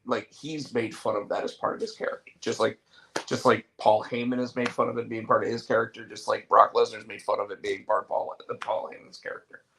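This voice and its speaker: A man's voice: fairly low pitch, flat delivery, brisk, a bit bright, slight background noise, low-quality recording. A man co-hosting a casual wrestling chat show, giving wry, opinionated takes. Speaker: podcast co-host.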